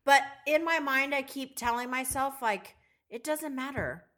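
A woman's voice: high voice, unhurried, a bit bright. A woman co-hosting a podcast in casual chat, telling stories with swearing, laughter and acted-out quotes. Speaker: podcast co-host.

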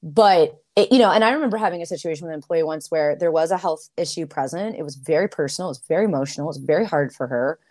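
A middle-aged woman chatting casually on a podcast, voice sitting a little low. She tells her stories with animated, acted-out dialogue. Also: quick pace, few pauses. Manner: animated storyteller, acts out quoted dialogue. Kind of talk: casual conversation.

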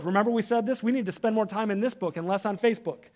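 A man preaching a sermon as pastor, animated, rising loud when fired up and dropping soft for prayers. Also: racing. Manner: drops soft and low for prayers.

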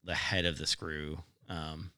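A man's voice: a bass voice, little pitch movement, measured pace, sharp tone. A man co-hosting a casual talk show, telling a rambling workshop story with lots of fillers and frequent laughs. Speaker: podcast co-host.

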